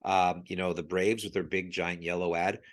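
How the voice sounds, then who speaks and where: Animated man telling stories. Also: low-pitched, moderate pace. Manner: animated storyteller, laughs often. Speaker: podcast guest, sports logo expert. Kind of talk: casual podcast chat.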